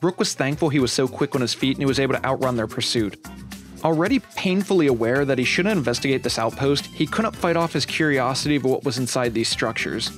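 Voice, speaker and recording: A man's voice: mid-range voice, fast talker, faint music behind. A man hosting his channel, telling an adventure story from a game playthrough in an upbeat, dramatic storytelling manner. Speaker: channel host and narrator.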